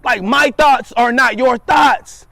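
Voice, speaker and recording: A man's voice: extremely high pitch, takes it slowly, creaky, a bit bright, dry recording, raised voice, full character voice. A man voicing God as a stern male divine voice who presses his point by repeating lines, sometimes raising his voice. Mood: urgent, scolding. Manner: insistent, repeats lines for emphasis.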